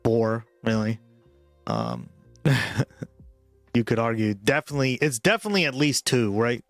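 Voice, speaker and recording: Man streamer, casual rambling chat, mid pitch, dry close sound. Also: sing-song, moderate pace, gravelly, pauses often, no echo, soft background music. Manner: rambling, full of "like" and "right?". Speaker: livestreamer.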